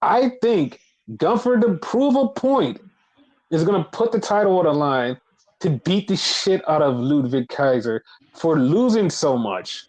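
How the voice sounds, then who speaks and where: A man co-hosting a podcast, casually recapping wrestling in a profane, animated way. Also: fairly high pitch, measured pace, low-quality recording. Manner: profane, animated retelling with put-on quotes. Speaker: podcast co-host.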